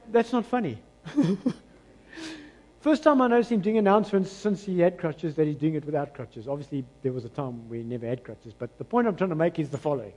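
A man with a South African accent preaching a lively, emphatic sermon to his church. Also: high voice. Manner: animated, rising to emphatic bursts. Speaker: pastor. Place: church hall. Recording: long church hall reverb.

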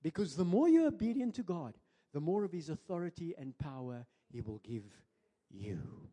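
A South African man preaching a sermon to his church, switching between English and Afrikaans and building to loud, emphatic peaks. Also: on the high side, big pitch swings, normal speed. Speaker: pastor. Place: church sanctuary. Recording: preacher in a large reverberant church hall.

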